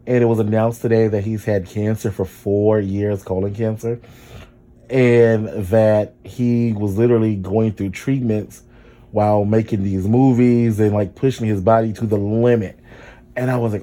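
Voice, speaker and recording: A man's voice: lowish voice, steady tone, a little slow, mellow. A young man hosting a casual solo podcast, chatty and rambling, with lots of fillers as he talks through his feelings. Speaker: podcast host.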